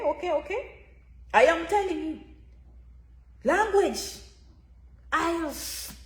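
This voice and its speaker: Woman, high voice, lively swooping pitch, emphatic and repetitive, echoey room. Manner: repetitive, emphatic, refers to herself by name. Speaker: immigration consultant. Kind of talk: animated motivational talk to viewers.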